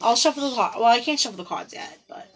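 A woman giving casual tarot readings on a livestream, chatty and giggly, dropping into soft prayers to her spirit guides. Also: a little high, animated, quick pace, breathy edge, rough recording. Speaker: tarot card reader. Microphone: phone or computer on a live video stream.

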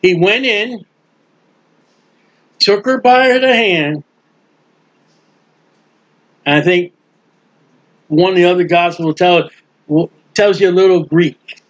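High pitched guy preaching a bible study, super animated, muffled recording. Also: slow pace, long pauses. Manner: animated, acts out bystanders' mocking voices. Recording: dull lo-fi recording.

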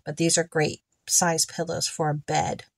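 A woman's voice: low-pitched, little pitch movement, unhurried, creaky, husky, no room sound. A woman chatting casually as she unboxes and admires dollhouse miniatures, often asking viewers to look.

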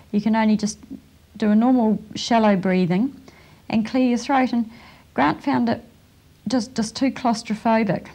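Nz mum telling her testimony, mellow warm voice, earnest, kinda halting. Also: fairly high pitch. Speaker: mother giving testimony. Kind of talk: emotional testimony interview.

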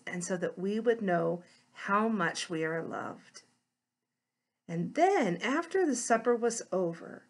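A woman deacon gently telling a children's Bible story and explaining it. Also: on the high side.

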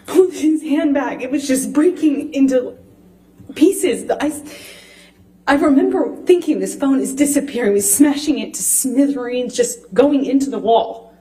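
A woman giving courtroom testimony, speaking haltingly with frequent restarts and pauses. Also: high-pitched, dark tone. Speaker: witness.

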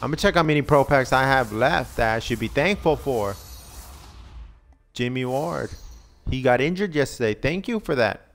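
A man casually commenting on a video game pack opening, excitable and begging the game for good pulls. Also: medium pitch, moderate pace, gravelly, slight background noise. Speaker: gaming channel host.

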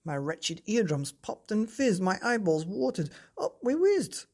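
A woman reading a rhyming bedtime story aloud in a lively, expressive way. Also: mid-range voice, measured pace.

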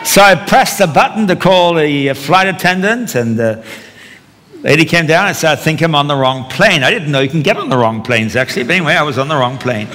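Bright-voiced preacher in a reverberant hall. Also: male voice, a little high, animated, fairly quick. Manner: storytelling with wry humor. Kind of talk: sermon.

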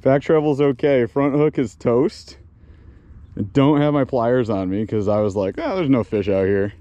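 A man vlogging from a lake shore while fishing, talking to viewers in bursts of loud exclamations and laughter. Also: mid-range voice, normal speed, no echo, lo-fi sound. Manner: breathless, exclaims loudly, laughs and talks to viewers. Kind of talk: excited on-the-water fishing vlog. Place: outdoors by a small lake.

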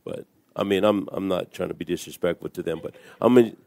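A man's voice: low voice, fairly quick, creaky, a little mellow, slight background noise. A male pastor, preaching a storytelling sermon full of jokey asides and acted-out voices. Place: church.

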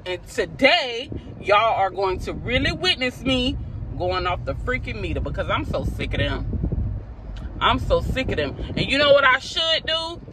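Woman ranting, animated and profane. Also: a little high, moderate pace, noisy background. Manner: exasperated, profane, venting. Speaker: vlogger and mother. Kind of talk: ranting vlog. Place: parked car.

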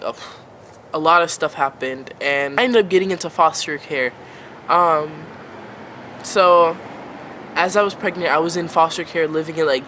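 This young vlogger, in her late teens, has a low, slightly bright voice, and there's a little hiss or hum in the audio. Her casual storytime rambles on, nearly every phrase padded with "like" or "um."

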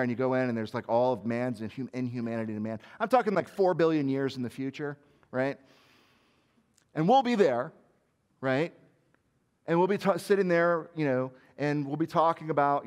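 A man preaching a sermon as senior pastor, moving between soft, hushed passages and forceful peaks, with casual conversational asides. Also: fairly high pitch, animated, fairly quick. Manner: conversational asides with fillers like "right?" and "like".

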